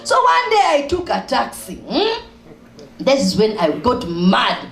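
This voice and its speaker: Animated woman doing stand-up. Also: on the high side, unhurried, creaky. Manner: animated, shouts and laughs, acts out the people in her stories. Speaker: stand-up comedian and spoken-word poet. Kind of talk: stand-up storytelling with poetry. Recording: echoey room.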